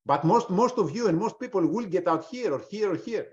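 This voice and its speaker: Male trader, higher register, punchy self-questioning webinar delivery, slightly muffled call audio. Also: lively intonation, brisk, darkish tone. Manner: emphatic, fires rhetorical questions and answers them, swears. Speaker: prop trader presenting a webinar. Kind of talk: live webinar teaching.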